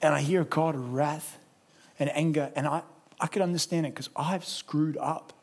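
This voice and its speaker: An Australian man preaching a sermon at a church service, lively and conversational, acting out quick impressions. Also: fairly high pitch.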